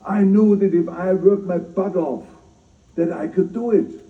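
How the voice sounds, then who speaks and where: An older, German-accented man gives an emphatic keynote at an outdoor citizenship ceremony, repeating his key phrases and making jokes at his own expense. His voice is high-pitched and a little slow. An audience member's phone filmed his mic from a distance, so the recording sounds echoey and dull.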